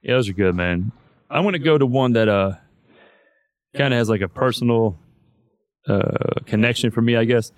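A man's voice: mid-range voice, normal speed, long pauses, no room sound, studio quality. A man hosting a podcast in casual chat, loose and profane, saying "man" all the time. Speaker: podcast host.

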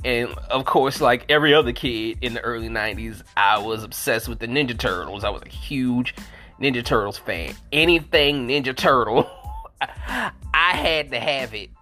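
A man's voice: medium pitch, sharp tone. A man hosting a movie review show, telling childhood stories in a rambling way, full of "like" fillers, swearing and laughter. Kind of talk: casual nostalgic vlog chat.

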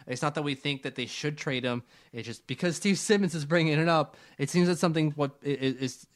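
A man from Canada co-hosting a casual sports podcast, relaxed and rambling, often restarting his sentences. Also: mid-range voice. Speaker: podcast co-host.

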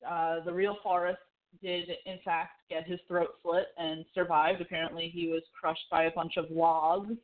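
A woman in casual film chat, excitable, explaining background facts with frequent fillers. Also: lowish voice, moderate pace. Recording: tinny phone-like sound.

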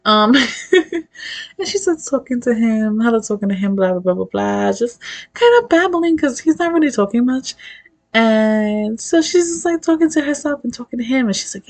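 Chatty young woman with vocal fry. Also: mid-range voice, animated, moderate pace. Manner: chatty, swears freely, laughs often, lots of "like". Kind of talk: casual story recap.

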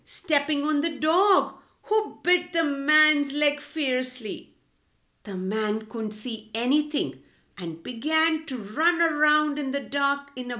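A woman reads a fairy tale aloud to children, taking her time over each phrase. Her voice sits fairly high and swings widely in pitch, keeping the telling expressive and clear. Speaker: storyteller. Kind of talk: reading a storybook aloud to children.

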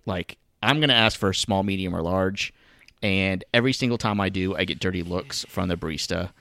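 A grumpy podcast co-host rambles through his complaints in a low, gravelly voice. His speech is full of fillers and restarts. The sound is dry and close, with no room in it. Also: brisk, bright, forceful tone, no room sound. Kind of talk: casual chat.

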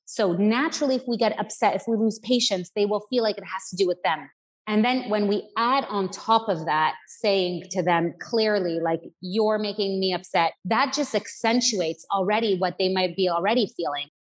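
A woman's voice: mid-range voice, moderate pace, rough recording. A woman parenting coach speaking as a podcast guest, explaining patiently and acting out what parents say to children. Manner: explanatory, acts out parents' phrases. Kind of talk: casual podcast conversation.

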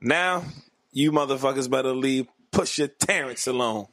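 A male podcast co-host at a middling pitch, talking in a loose, profane way and breaking into laughter. The voice sits close and dry, with no room sound around it. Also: moderate pace, no room sound. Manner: relaxed, profane, laughs often. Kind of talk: casual chat. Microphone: podcast mic.

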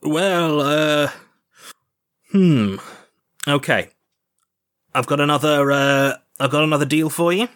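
A man's voice: on the high side, takes it slowly, long pauses, a bit bright, clean tone. A man narrating as game master, easygoing and hesitant with frequent fillers.

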